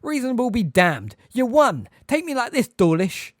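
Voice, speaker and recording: A man's voice: extremely high pitch, wildly swooping pitch, normal speed, no echo, studio quality, voice pushed up, exaggerated voice. A man voicing a huge, enraged male half-giant who roars and bellows in an audiobook. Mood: furious. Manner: roaring, bellowing.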